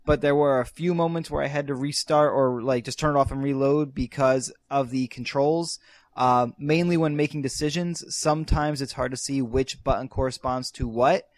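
A man's voice: mid-range voice, steady tone, moderate pace, no room sound. A young man co-hosting a casual podcast chat, rambling and hesitant with many fillers. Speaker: podcast co-host.

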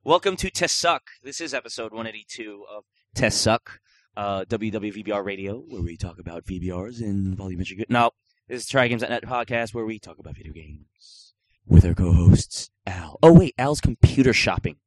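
A man's voice: lowish voice, moderate pace, darkish tone, no echo. A man hosting a gaming podcast in casual chat, joking and rambling with lots of filler words. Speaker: podcast host.

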